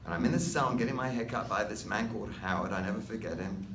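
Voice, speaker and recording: A man's voice: on the low side, fast, noisy background. A man in his sixties from North London with an English accent, telling rambling stories to an audience with wry asides. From North London, England. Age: 60s. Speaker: master stylist, speaker. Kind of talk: anecdotal talk to an audience. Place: hall with an audience. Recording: echoey hall, mic at a distance.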